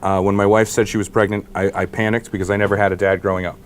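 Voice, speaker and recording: A man with a very low voice chatting on a comedy club stage. He talks in a halting, deadpan way, stumbling and restarting his sentences. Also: a little hiss or hum. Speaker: guest comedian. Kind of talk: onstage interview chat.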